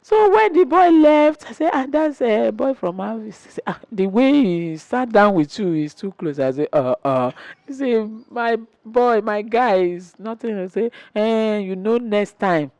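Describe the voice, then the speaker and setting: A woman's voice: a little high, a little slow, few pauses, no echo. A woman in her sixties, telling stories about her marriage in an interview and acting out what was said. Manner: animated storyteller acting out quotes. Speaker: interview guest, wife. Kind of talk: storytelling interview chat.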